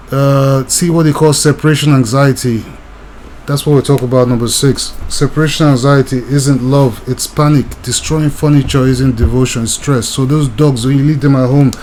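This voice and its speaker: A young man talks in a blunt, rambling monologue, circling back over his points with plenty of filler words. His voice sits at an ordinary middle pitch. A faint noise hangs behind him. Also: a little mellow. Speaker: channel host. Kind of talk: casual monologue commentary.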